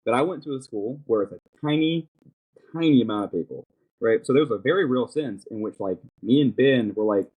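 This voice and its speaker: A man's voice: mid-range voice, lively intonation, a little fast, darkish tone, breathy edge. A young man hosting a podcast, chatting casually and thinking aloud with many fillers and restarts. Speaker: podcast host. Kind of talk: casual chat.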